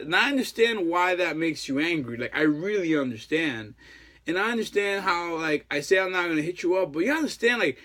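A man's voice: high-pitched, sharp tone. A man in his thirties, a jilted ex-boyfriend, delivering a rambling, pleading monologue full of slang and repeated fillers. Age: 30s. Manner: casual profane slang.

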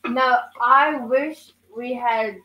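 A woman's voice: fairly high pitch, drawn-out words, dull audio. A woman in a casual family chat, chiming in with short agreeing remarks. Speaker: family member on a cooking channel. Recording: echoey, distant mic.

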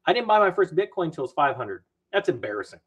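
A man who is a finance video maker, chatting casually as a podcast guest with animated, self-mocking storytelling. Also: a little high, fast talker, husky, rough recording.

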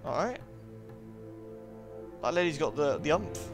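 Man, casual streamer chatter, slightly high voice, loud game music behind. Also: big pitch swings, unhurried. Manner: chatty, muttering to himself while playing. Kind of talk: casual live-stream commentary.

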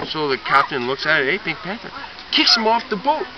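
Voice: medium pitch, very animated, fairly quick, crowd noise. A person telling a long, rambling joke casually, tagging lines with "eh?". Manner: rambling, tags lines with "eh?", swears mildly. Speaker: joke teller. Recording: distant, dull, noisy home recording.

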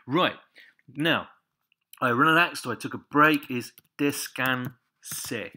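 Man, Spanish teacher, unhurried delivery, bright clear tone, patient and repetitive. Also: medium pitch. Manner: patient, repeats each point, stresses accents. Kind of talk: step-by-step language lesson.

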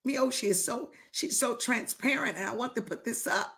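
A woman's voice: on the high side, moderate pace, fairly bright tone. A woman bishop preaching a fervent sermon, firing rhetorical questions and calling out to listeners, sometimes dropping to a whisper.

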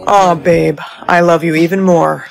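A woman's voice: fairly low pitch, steady tone, unhurried, gravelly, faint music behind. A woman playing a possessive young boyfriend in a TikTok POV skit, smug and bossy.

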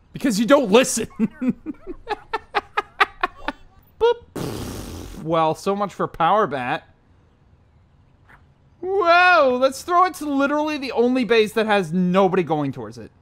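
A young man doing casual, profane commentary while playing a video game, excitable and yelling at the game. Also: sits high, normal speed. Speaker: gameplay commentator. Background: game music.

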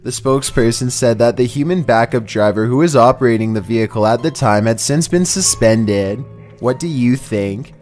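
A man reading a scripted narration for a countdown video in an even, measured way. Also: mid-range voice, soft background music.

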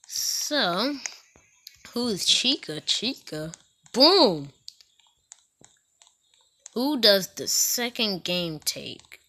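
A woman's voice: mid-range voice, sing-song, extremely slow, pauses often, bright, forceful tone. A woman hosting a gaming channel, giving casual gameplay commentary in a playful, giggly way with silly outbursts.

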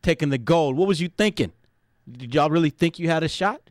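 A man's voice: fairly high pitch, lively intonation, a little fast, no echo, clean studio sound. A man hosting a sports talk radio show, brash and opinionated, tacking "man" onto his sentences. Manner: brash, ends phrases with "man".

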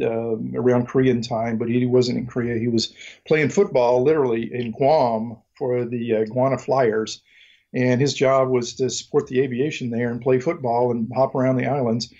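Man, Southern accent, middle-aged, rambling, jokey, fillers, mid pitch, a bit muffled. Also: steady tone, normal speed, a little mellow. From Mississippi, US. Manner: rambling, lots of ums and restarts, jokey. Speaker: guest. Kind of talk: casual interview storytelling.

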